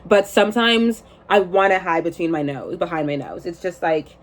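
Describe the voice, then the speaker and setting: A woman's voice: fairly low pitch, normal speed. A woman in her twenties chatting casually and reading aloud from her journal, swearing and laughing at herself. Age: 20s.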